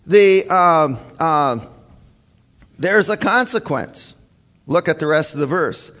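Male pastor, slightly high voice, deliberate emphatic sermon delivery, hall reverb. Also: fairly bright tone. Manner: slow, emphatic preaching with many fillers.

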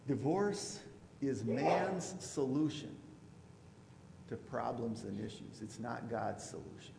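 A man preaching a sermon as pastor, now and then mimicking loud objectors. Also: mid-range voice, takes it slowly, creaky, noisy background. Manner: preachy, rising to loud mocking voices for imagined objectors. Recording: echoey hall with long reverb.

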